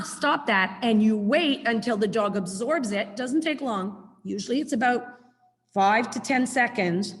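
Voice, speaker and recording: A middle-aged woman leads a puppy training class over a video call, chatty as she acts out her corrections to the dog. Her mid-range voice has a big-room sound.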